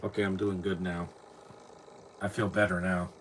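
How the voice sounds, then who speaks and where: A man's voice: low voice, level tone, moderate pace, slight background noise. A man giving casual live movie commentary at home, rambling with frequent restarts and self-corrections. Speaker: film commentator.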